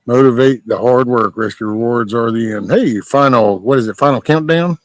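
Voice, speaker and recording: A man's voice: medium pitch, normal speed, no room sound. Laid-back man with a dry close sound. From Southeast Texas. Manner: laid-back, folksy and profane, joking with chat. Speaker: livestream host. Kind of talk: casual chat reading viewer comments.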